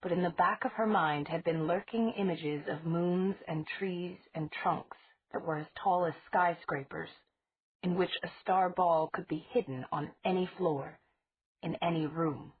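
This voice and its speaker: A woman narrating an audiobook in a measured, unhurried reading. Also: on the low side, slight background noise. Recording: tinny phone-like sound.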